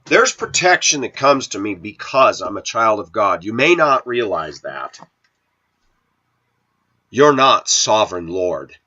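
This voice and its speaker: Middle-aged man vlogger with a cold, lower voice, bright and forceful, preachy and combative, dull lo-fi audio. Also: big pitch swings, unhurried, slightly rough. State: sniffly with a cold. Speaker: video channel host. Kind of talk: ranting to camera. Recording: dull lo-fi sound.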